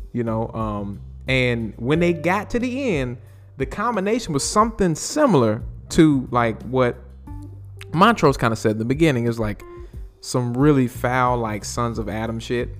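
A man hosting a podcast, casually recapping a TV episode with lots of profanity, fillers and restarts. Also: medium pitch. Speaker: podcast host. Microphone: podcast mic.

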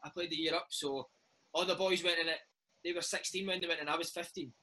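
A Scottish former footballer, maybe in his thirties, telling lively, laughing stories in a casual interview. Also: fairly high pitch, fast talker, poor audio. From Scotland. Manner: lively, laughing, says mate a lot. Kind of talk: casual storytelling chat.

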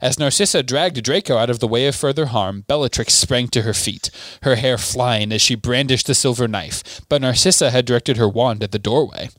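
A man reads a novel aloud at an even, steady pace, breaking off now and then for a quick aside. His voice is mid-pitched, and the sound is dry and close, with no room echo. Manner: steady, clear reading with small asides. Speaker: podcast host reading a novel aloud.

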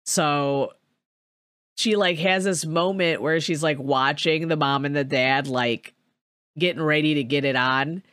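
A young woman tells a movie plot in loose, profane chat, lots of "like" between phrases. Her voice sits a little low and she takes her time. The sound is close and dry, with no room around it. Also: a little slow, clear, resonant tone, no room sound. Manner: profane, filler-heavy storytelling with animated quoted voices. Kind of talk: casual movie recap chat.

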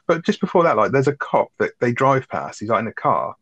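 Fast-talking sweary man. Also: mid-range voice, big pitch swings, a bit bright, husky, no room sound, muffled recording. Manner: chatty, sweary, laughs while retelling scenes. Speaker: podcast co-host. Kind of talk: casual film review chat.

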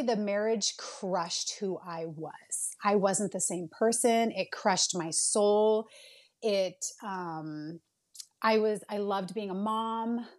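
Earnest woman sharing her story. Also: medium pitch. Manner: earnest, emotional, many fillers and restarts. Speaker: podcast guest. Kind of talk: candid personal storytelling.

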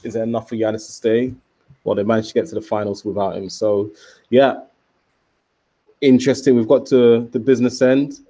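Laid-back British podcast host. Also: male voice, mid-range voice, fairly even intonation, brisk, warm tone. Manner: banter-heavy, laughs often. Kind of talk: casual chat. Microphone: video call.

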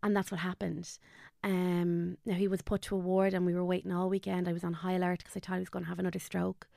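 Irish woman, 30s, podcast guest, candid storyteller; gravelly, dry close mic. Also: on the low side, flat delivery, fast, dark tone, no room sound. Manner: candid, tells it with quoted dialogue. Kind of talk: emotional personal storytelling.

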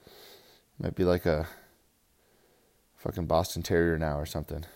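A young man giving a profane, rambling fantasy football recap, swinging from loud hype to low mumbles. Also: level tone, moderate pace, vocal fry. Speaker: fantasy football league player.

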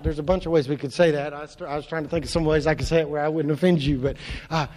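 A man preaching a sermon as pastor, impassioned, often repeating his words and swinging from low murmurs to high emphatic calls. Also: steady tone, fast, a little mellow. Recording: long hall reverb.

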